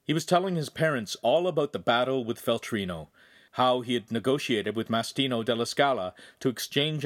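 A man reading a novel aloud in a measured, even storytelling manner. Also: medium pitch, dry recording, studio quality. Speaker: audiobook narrator. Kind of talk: scripted novel narration.

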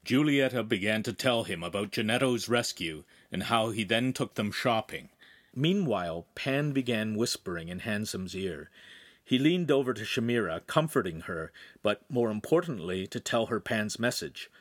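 A man's voice: normal speed, no room sound, clean studio sound. A man reading a young adult novel aloud as narrator, shifting into raised voices for the characters. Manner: lively storytelling, voices each character with raised pitch. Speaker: audiobook narrator. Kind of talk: scripted narration.

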